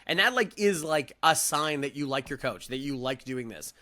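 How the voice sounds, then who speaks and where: Bright, animated man chatting casually. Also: medium pitch, moderate pace. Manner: animated, rambling with restarts and fillers. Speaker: podcast co-host. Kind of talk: casual sports chat.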